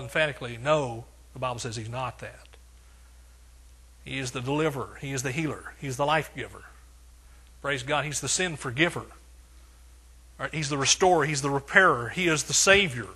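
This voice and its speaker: A man's voice: on the high side, pushed and bright, breathy edge. A man preaching a sermon as pastor, building points through emphatic repetition.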